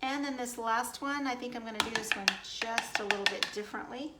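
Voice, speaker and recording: A woman's voice: fairly high pitch, brisk, heavy background noise. A woman hosting a casual cooking demonstration at home, chatty and upbeat as she talks straight to her viewers. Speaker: host of a recipe demo. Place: at home in the US Midwest.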